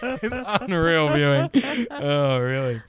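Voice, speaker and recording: A young man co-hosting a podcast, telling crude stories in a casual, animated way and laughing often. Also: fairly high pitch, slow, over a noisy crowd. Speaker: podcast co-host. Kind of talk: casual chat.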